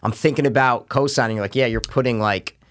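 A man's voice: medium pitch, steady tone, fast talker. A young man co-hosting a podcast in casual chat, blunt and crude, calling everyone dude. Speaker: podcast co-host.

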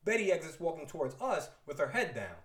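Man, comic storyteller, playful, bright forceful tone, roomy echo. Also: on the high side, quick pace. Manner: lively, playful, theatrical asides. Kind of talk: animated comic retelling.

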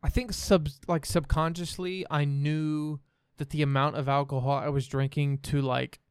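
A man's voice: fairly high pitch, level tone, moderate pace, clean tone, dry recording, clean studio sound. A young man, a podcast guest, telling a candid personal story in a frank, rambling way and swearing freely.

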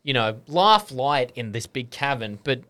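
A man spins a gig story in a loose podcast chat, his voice swinging through a lively range. The tone is bright and forceful, and he keeps slipping into quoted voices. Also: mid-range voice, a little slow. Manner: animated, acts out quoted voices, laughs often.

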